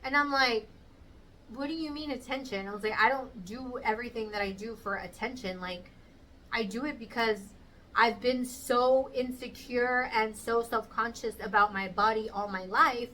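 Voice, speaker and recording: High bright-voiced woman in her 30s doing a storytime vlog, acts out the quotes, mic a bit far off. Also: normal speed, slight background noise. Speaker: vlogger. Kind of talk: casual storytime.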